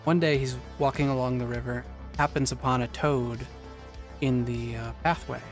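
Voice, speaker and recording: Male podcast co-host, mid-pitched voice, joking storyteller, faint music bed. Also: normal speed. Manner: wisecracking, animated storyteller. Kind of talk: casual chat, telling a joke.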